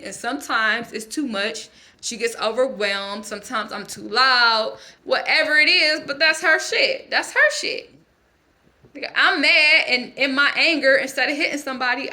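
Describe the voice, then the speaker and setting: A woman's voice: high voice, bright, forceful tone, full character voice. A woman playing a defiant young foster girl in a character monologue, ranting in a confrontational, rambling, profane way.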